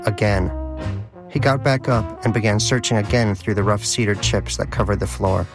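A man's voice: on the low side, fairly even intonation, normal speed, music in the background. A man reading an audiobook story aloud with wry, dry humor. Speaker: narrator. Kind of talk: audiobook narration.

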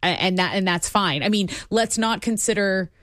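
A woman's voice: mid-range voice, normal speed, a bit bright, dry recording, studio quality. A woman co-hosting a call-in talk radio show, chatting casually and reading out listener texts and news.

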